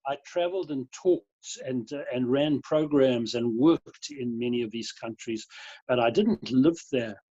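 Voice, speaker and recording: A man in his sixties with a softened South African accent, a guest telling good-humoured stories and enunciating carefully. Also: mid-range voice, expressive, measured pace, vocal fry, breathy edge, no echo, lo-fi sound. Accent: South African, softened by years in Europe. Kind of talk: conversational storytelling. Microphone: video call.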